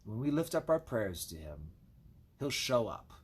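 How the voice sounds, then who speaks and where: A man's voice: lowish voice, very animated, a little slow, husky. A man as a pastor, giving a casual Bible devotional with chatty asides while he reads scripture.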